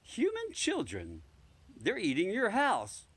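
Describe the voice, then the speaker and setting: A man voicing a calm, disapproving talking female cat in a storybook reading, slow and dry. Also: high voice, slightly rough, pitched above the performer's own voice, exaggerated voice.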